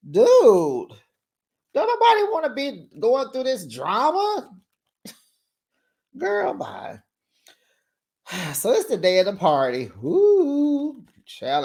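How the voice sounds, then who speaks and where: Recap host, woman; low-pitched, lively delivery, sassy and chatty. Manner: sassy, animated, talks straight to viewers with slang like "child" and "honey". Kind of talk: casual recap commentary.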